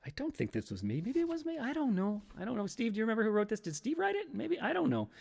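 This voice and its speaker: A man's voice: very high voice, wildly swooping pitch, fast talker, creaky, a little mellow. A man in his fifties hosting a casual solo stream, rambling and nostalgic, now and then acting out an old sketch in silly voices. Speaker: podcast host.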